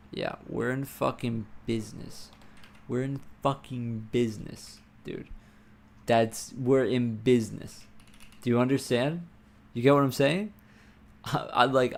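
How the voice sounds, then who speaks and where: Man, live-coding streamer; gravelly, unhurried, cursing under his breath, keys typing behind. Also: mid-range voice. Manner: muttering to himself, swearing, excitable bursts. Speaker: livestreamer coding a game.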